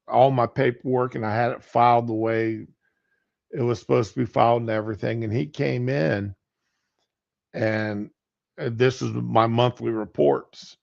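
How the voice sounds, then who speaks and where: A man's voice: medium pitch, creaky, darkish tone, lo-fi sound. A man hosting a livestream, telling a work story in a folksy, plain-spoken way. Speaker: livestream host. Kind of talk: casual storytelling.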